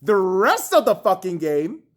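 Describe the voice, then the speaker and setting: A young man hosting a podcast, ranting angrily and profanely about his team's playoff loss, swinging between shouts and low mutters. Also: big pitch swings, a little slow. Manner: profane, furious, mocking. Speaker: podcast host. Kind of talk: angry sports rant.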